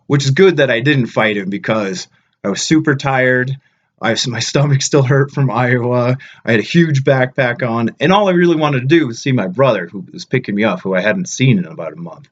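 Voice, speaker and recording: A man's voice: mid-range voice, a little fast, lo-fi sound. A man talking casually to camera as a travel vlogger, blunt and ranting with plenty of swearing. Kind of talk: casual vlog chat to camera.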